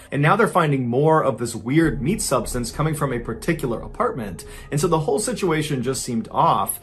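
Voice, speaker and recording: Grave male true crime narrator. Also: mid-range voice. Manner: measured, grave storytelling with quoted dialogue. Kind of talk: scripted true crime storytelling.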